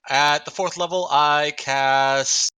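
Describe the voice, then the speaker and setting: A man's voice: on the high side, fairly even intonation, takes it slowly, sharp tone, clean tone, no room sound, low-quality recording. A man playing a tabletop game, joking with the group. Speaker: player. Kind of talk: casual tabletop play.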